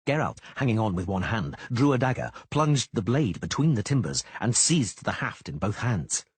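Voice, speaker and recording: A man narrates an audiobook with dramatic expression. His low voice is strongly husky and moves through a very wide pitch range. The sound is dry and close. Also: sing-song, normal speed, no room sound.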